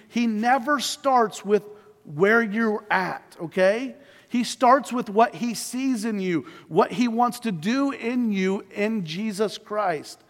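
A man preaching a sermon as pastor, retelling the story with lively acted-out dialogue. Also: sits high. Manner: animated storytelling, voicing biblical figures. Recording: reverberant hall.

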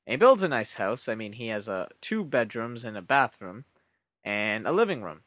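A man hosting a podcast, telling a comic story in a deadpan way with rambling asides. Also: lowish voice, normal speed, dry recording. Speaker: podcast host.

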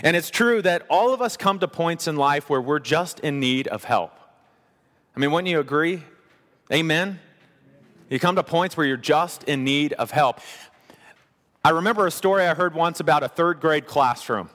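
A man with a fairly high voice preaching a sermon, stressing points through repetition and slipping into casual asides. His voice rings out with a long reverb, as in a large sanctuary. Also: animated, normal speed, fairly bright tone. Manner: emphatic repetition, conversational asides. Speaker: pastor.

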